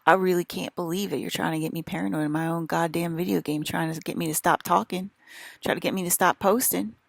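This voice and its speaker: A woman's voice: lowish voice, steady tone, fast, creaky, no room sound, studio quality. A woman with an American country accent, rambling in an agitated, profane and repetitive monologue as a vlogger.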